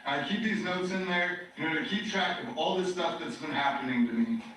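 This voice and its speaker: A man's voice: fairly high pitch, brisk, a bit bright. A man in a rambling, agitated monologue, repeating himself with many fillers, heard as a recording played back in a courtroom. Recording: very echoey playback heard from far off.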